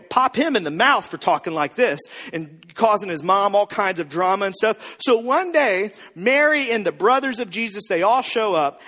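Man pastor preaching in a church, lively pitch all over the place, jokey storyteller, echoing hall. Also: slightly rough. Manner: animated, joking storyteller. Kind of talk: sermon.

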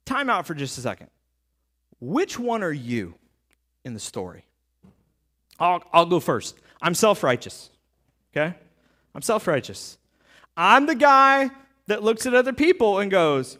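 A male pastor delivers a sermon in a lively, conversational way, talking straight to the people in front of him. His voice sits high for a man and swings widely in pitch, climbing up and dropping low for emphasis. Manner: animated, conversational preaching with frequent asides to the crowd.

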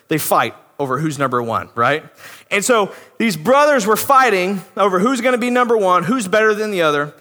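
A man preaching a sermon in a church, animated and talking through rhetorical questions, often acting out the people he talks about. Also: high-pitched. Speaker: pastor. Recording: long reverb of a big hall.

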